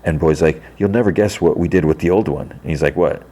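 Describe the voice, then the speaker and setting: A man with a deep, low voice talks through a TV episode in a loose, rambling way. He quotes the characters' lines and nudges his voice a little for each of them. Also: a little fast, dark tone. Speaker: podcast host recapping a TV episode. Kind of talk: casual episode recap.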